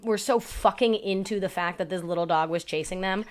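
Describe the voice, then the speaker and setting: A woman's voice: medium pitch, a little fast. A woman dog trainer telling stories in a casual podcast chat, swearing freely and filling her speech with "like" and "um". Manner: profane, chatty storytelling with many fillers.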